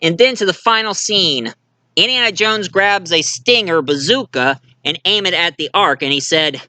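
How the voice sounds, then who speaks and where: Bright-voiced man rambling through a review. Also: high-pitched, animated, normal speed, no room sound. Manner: rambling plot retelling with fillers. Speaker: movie reviewer. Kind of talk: casual movie review.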